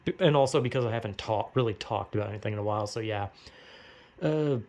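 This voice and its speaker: A man's voice: fairly low pitch, fast talker, darkish tone. A young man vlogging from home, rambling in a casual monologue full of filler words and swearing, laughing between thoughts. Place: at home, cooking.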